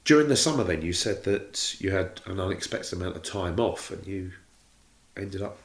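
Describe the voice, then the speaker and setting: A man with a fairly low voice asks measured, deliberate questions as a podcast host. The recording is roomy, with a noticeable echo around his voice. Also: expressive. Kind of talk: interview questions.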